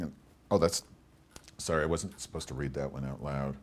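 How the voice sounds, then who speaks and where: A man's voice: rumbling low, lively intonation, moderate pace, long pauses. A man hosting a solo podcast on a lavalier mic, rambling with crude, camp asides. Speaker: host.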